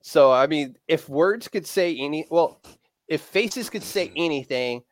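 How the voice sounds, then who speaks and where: An animated man co-hosting a fan chat, voice sitting a little high and close to a dry mic. He swears freely and keeps jumping into quoted voices as he tells the story. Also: measured pace, no room sound. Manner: animated, profane, acts out quotes. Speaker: podcast co-host.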